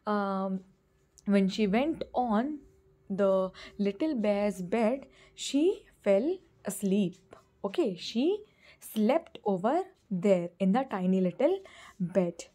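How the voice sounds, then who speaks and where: Slow, mellow woman telling a children's story. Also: medium pitch. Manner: pauses to explain simple words. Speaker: teacher.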